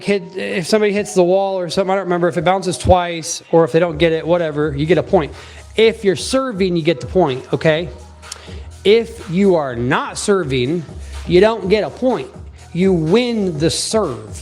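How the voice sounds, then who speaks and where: A man in his twenties telling a personal story in a casual, animated, emphatic way, swearing freely. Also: a little high.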